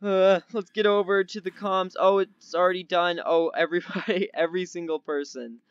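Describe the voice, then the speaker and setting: A young man giving casual, excitable gameplay commentary as a gaming YouTuber, easily startled and chatty, with a slightly odd put-on accent. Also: sits high, normal speed, clear, resonant tone, no room sound, lo-fi sound.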